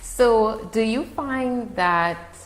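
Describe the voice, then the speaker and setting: A woman's voice: on the high side, drawn-out words, roomy sound. A woman hosting an interview, asking curious and careful questions. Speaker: host. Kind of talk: casual interview.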